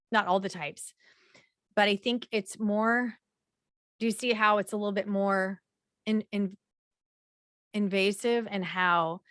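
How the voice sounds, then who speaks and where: A woman leading a workshop from her slides, talking in a loose, conversational way. Her voice sits at a middle pitch. She fills pauses and clears her throat often, and the recording is dry and close, with no room sound. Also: fairly bright tone, no room sound. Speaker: workshop presenter.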